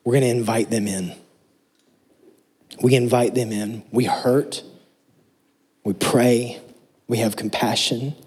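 A man's voice: medium pitch, fairly even intonation, takes it slowly, pauses often, a little mellow, slightly rough. A man preaching a sermon, earnest and emphatic, asking his listeners rhetorical questions. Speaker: pastor.

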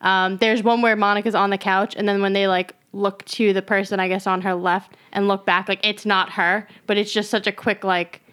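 A young woman co-hosting a casual podcast chat, relaxed and full of "like" and "um". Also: mid-range voice, moderate pace, hardly any pauses, clean tone. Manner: relaxed, many fillers like "like" and "um".

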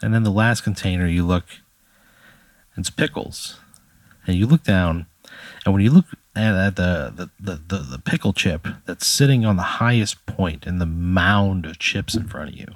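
Low-voiced man, rambling comedic narrator, dry sound. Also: normal speed, no room sound. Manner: rambling, full of "like" fillers. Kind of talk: improvised storytelling.

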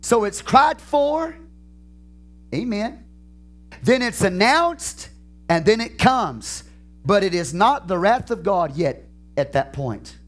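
A man pastor preaching a sermon in a church, fervent and questioning, with shouted peaks and slow drawn-out phrases. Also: sits high, very animated.

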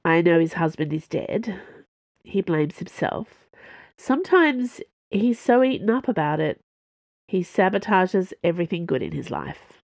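Relaxed knowing woman crewmate, read by a woman, slow, dry recording. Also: fairly low pitch, no room sound. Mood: serious. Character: warm, wry woman crewmate, protective friend.

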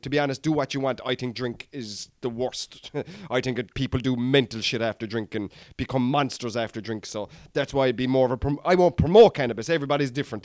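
A man's voice: medium pitch, no room sound, clean studio sound. Rambling Irish man telling a story. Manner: rambling, sweary, keeps addressing listeners as lads. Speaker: comedian podcast host. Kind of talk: casual storytelling monologue.

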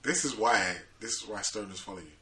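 A man's voice: on the low side, brisk, pushed and bright, distant mic. A young man co-hosting a podcast, teasing his friend and laughing a lot. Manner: teasing, cheeky, bursts of laughter. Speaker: podcast co-host. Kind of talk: casual podcast banter. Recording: roomy, off-mic sound.

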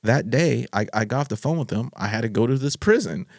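A man with a gravelly, fry-edged voice at a middle pitch tells a candid personal story for a podcast. He is animated and frank and laughs easily. The sound is dry and close. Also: fairly quick, no room sound.

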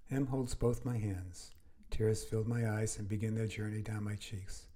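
A man hosting a podcast, reading his own grief memoir aloud in a slow, measured, earnest way. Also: on the low side, steady tone, warm tone. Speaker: podcast host.

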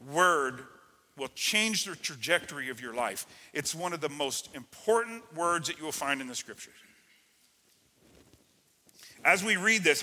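A man preaching a sermon as pastor, energetic and full of call-and-response to the congregation. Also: fairly high pitch, in a large hall. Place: church sanctuary.

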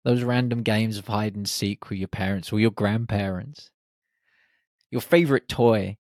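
Slow, low-voiced man reflecting. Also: darkish tone, dry recording, studio quality. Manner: unhurried, speaks in short reflective phrases. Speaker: podcast host. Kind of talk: reflective solo podcast monologue.

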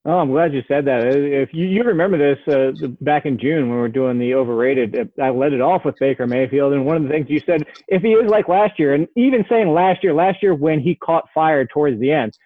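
A man hosting a sports podcast in casual chat, quick and rambling, often correcting himself. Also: fairly high pitch, dry recording, phone-quality sound. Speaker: podcast host.

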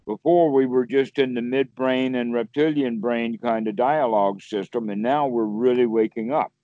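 A man's voice: moderate pace, dry recording, narrow, tinny audio. A man teaching Buddhist practice in casual talk, playfully acting out inner voices. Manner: playful, acts out inner voices with sudden high exclamations. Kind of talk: casual spoken teaching on a call.

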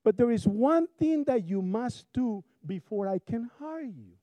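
A man with a Spanish accent voicing a calm, authoritative teacher, speaking quietly and evenly. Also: very high voice, measured pace, no echo, highs cut off, pitched above the performer's own voice. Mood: firm. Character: calm, authoritative male teacher making an offer.

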